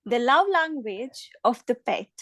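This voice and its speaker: A woman hosting a speaking club meeting, slow and deliberate, repeating each prompt. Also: fairly high pitch, lively intonation, no echo. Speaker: table topics master.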